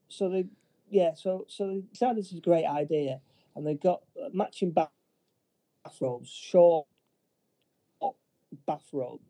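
Brief: male co-host, very dark mellow tone, rambling recap, dry close sound. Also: a little high, no echo. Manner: rambling, halting, many restarts. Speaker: podcast co-host. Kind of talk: casual film recap.

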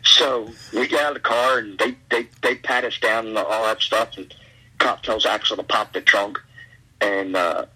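A man telling a road story as a guest in a casual chat, animated and full of stammered restarts. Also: lowish voice, moderate pace, husky, poor audio. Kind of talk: casual anecdote.

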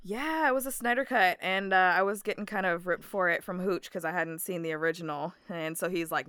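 A woman guest on a podcast, chatting casually and telling stories with animated, acted-out quotes. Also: on the low side, brisk, hardly any pauses, smooth, no room sound. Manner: animated storyteller, acts out quotes. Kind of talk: casual chat.

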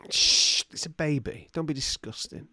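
A man co-hosting a podcast, improvising a playful comic story with sudden loud silly voices. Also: mid-range voice, sing-song, normal speed, dry recording. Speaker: podcast co-host.

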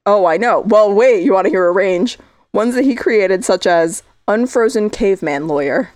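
On a clean, dry studio recording, a woman with a darkish mid-range voice speaks at a normal pace. She co-hosts a casual podcast, chatting freely, laughing frequently, and veering onto tangents even as she loses her voice.

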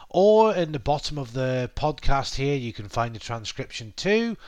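A man hosting a solo educational podcast, explaining things in a measured way with frequent ums. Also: mid-range voice, very animated, no room sound. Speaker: podcast host.

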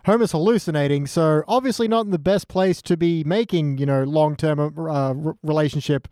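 A man's voice: a little high, moderate pace, mellow, no echo, clean studio sound. Wry man in podcast chat.

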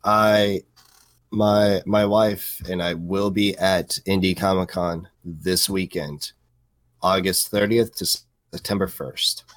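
A man's voice: low-pitched, fairly even intonation, takes it slowly, no echo. A young married man co-hosting a podcast, rambling with lots of fillers and blunt swearing. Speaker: podcast co-host. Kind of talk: casual podcast chat.

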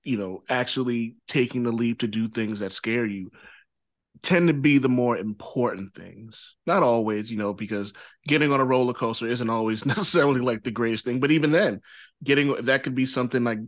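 A man's voice: medium pitch, brisk, no echo. A man hosting a podcast in casual chat, loose and rambling, often checking in with "you know what I mean.". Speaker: podcast host.

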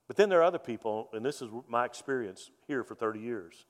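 A male pastor preaching a sermon in a folksy, joking way, swinging from loud emphasis to soft, quiet lines. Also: medium pitch, expressive, moderate pace, pauses often. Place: church sanctuary. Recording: long reverb of a church hall.

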